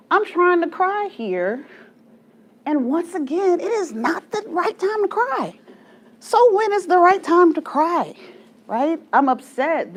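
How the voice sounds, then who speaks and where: Speaking to her church study group, a woman in her forties from Texas tells stories full of self-mocking humor and laughs often. Her voice is very high-pitched, with slight background noise.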